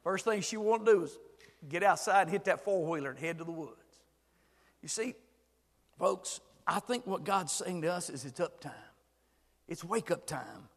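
An older man preaching a sermon with passion, swinging from hushed words to shouts. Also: sits high, animated, normal speed, vocal fry, long pauses, big-room sound.

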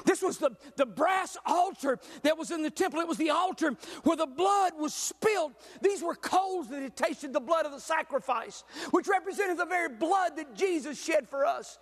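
A pastor preaching a fervent sermon, swinging from shouts down to near-whispers. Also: male voice, very high-pitched, expressive, normal speed, few pauses. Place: church sanctuary. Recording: long hall reverb.

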